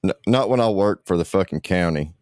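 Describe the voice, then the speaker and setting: A man's voice: low-pitched, expressive, a little fast, darkish tone, no echo, studio quality. A man hosting a livestream, ranting bluntly with lots of swearing and repetition. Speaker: livestream host.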